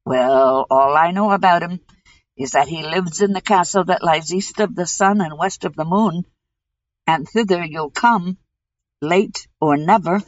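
A woman doing a gruff old hag of the woods. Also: fairly low pitch, measured pace, close to an everyday voice. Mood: knowing. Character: old hag guarding a crag, blunt, knowing. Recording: dull lo-fi recording.

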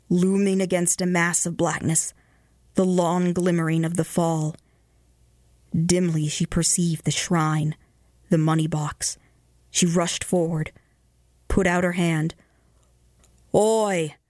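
A woman radio host reading ghost stories aloud in a measured way, slowing and hushing for the eerie parts. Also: on the low side, no echo, studio quality. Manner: measured, slows and hushes for eerie moments.

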